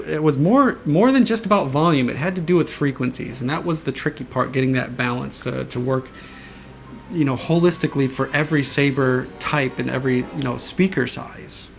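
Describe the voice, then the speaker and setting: A man casually explaining how he designed sound effects, eager and imitating whooshes and booms with his voice. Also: gravelly. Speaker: saber sound font designer.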